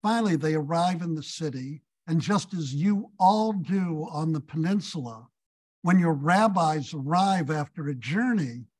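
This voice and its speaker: Brief: male scholar, high voice, storytelling lecturer with reflective pauses. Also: expressive, a little mellow, rough recording. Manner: storytelling, thoughtful, hesitant fillers. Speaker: visiting scholar in residence. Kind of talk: lecture with audience discussion. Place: synagogue hall.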